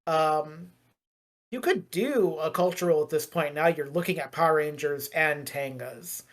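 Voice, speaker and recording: A woman's voice: deep voice, measured pace. A woman narrating as game master of a tabletop role-playing game, chatty and meandering, with many fillers and restarts.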